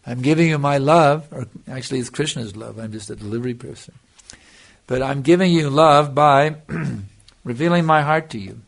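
A man's voice: medium pitch, normal speed, gravelly. An older man giving a devotional lecture as a spiritual teacher, earnest and repeating himself for emphasis, answering a listener's question.

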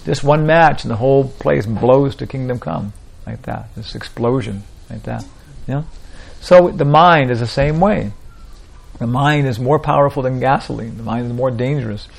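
A man with a gravelly, creaky voice leads an informal spiritual talk for a small group. He rambles, circles back, and tacks "like that, you know" onto his points. His pitch sits in an ordinary middle range. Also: moderate pace. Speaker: spiritual teacher.

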